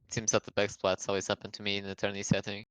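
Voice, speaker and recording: A man's voice: lowish voice, monotone, rapid-fire, a bit bright, clean tone, no room sound, rough recording. A man co-casting a live game stream, laid-back and teasing, often giggling at his partner. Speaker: co-caster. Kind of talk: casual live game commentary.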